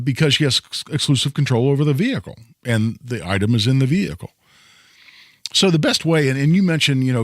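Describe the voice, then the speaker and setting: A man's voice: mid-range voice, dry recording, studio quality. A man hosting a call-in radio show about gun law, explaining points in a conversational way and often restarting phrases. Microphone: studio microphone.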